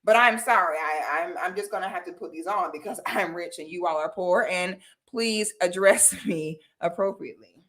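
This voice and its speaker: A woman's voice: on the low side, moderate pace, hardly any pauses, a bit bright, pitched below the performer's own voice, natural voice. Woman playing a pompous rich madame. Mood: mock haughty. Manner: pompous, mock-grand. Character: haughty rich madame lording over peasants. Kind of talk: comic bit to camera.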